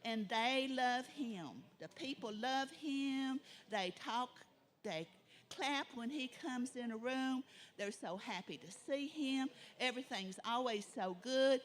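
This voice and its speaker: A woman's voice: a little high, lively intonation. Folksy woman storyteller. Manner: folksy, drawn-out telling. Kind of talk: oral folk storytelling.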